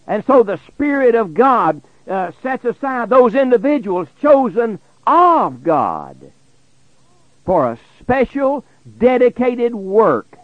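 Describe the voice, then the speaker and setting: Slow, emphatic radio preacher, man. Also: no echo, narrow, tinny audio. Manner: slow emphatic preaching, drops low at phrase ends. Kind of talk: radio Bible sermon.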